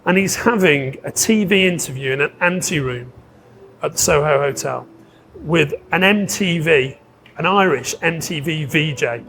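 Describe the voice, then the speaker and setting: Gravelly high-voiced storyteller man. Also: moderate pace, slight background noise. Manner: animated storyteller, laughs often, swears; many restarts and fillers. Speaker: podcast guest telling a story. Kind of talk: casual anecdote.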